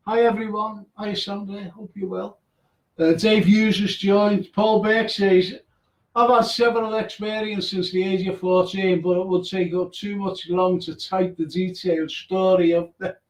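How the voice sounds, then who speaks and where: A man with a high-pitched voice hosts a live radio show, reading listeners' names and messages in a chatty way before telling a ghost story full of stammering restarts. He is away from the mic in an echoey room, and the talk is casual.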